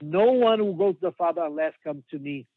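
A man preaching a sermon slowly and emphatically, pausing often between phrases. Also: a little high, animated, dry recording. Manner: slow, emphatic preaching with long pauses. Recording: dry, tinny phone-like sound.

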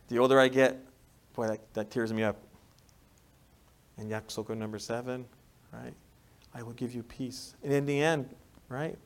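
Preaching in a conversational style, this New York-accented pastor keeps tossing in "right?" as he goes. His voice sits in the middle range, and he alternates between forceful emphasis and hushed, gentle passages.

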